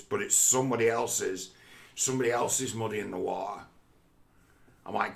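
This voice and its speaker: Low, gravelly man, rambling. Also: fairly bright tone. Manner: swearing, rambling, conversational. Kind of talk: casual monologue.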